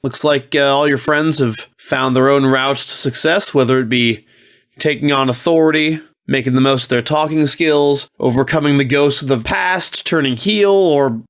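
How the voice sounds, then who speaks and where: A man hosting a podcast, narrating the game and explaining rules in a measured way. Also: mid-range voice, a bit bright, clean tone. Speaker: host.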